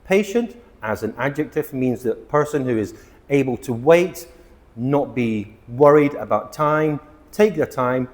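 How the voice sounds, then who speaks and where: A man teaching English vocabulary to camera, excitable, stressing and repeating words as he explains them. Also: medium pitch, measured pace, long reverb tail. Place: outdoors near palm trees.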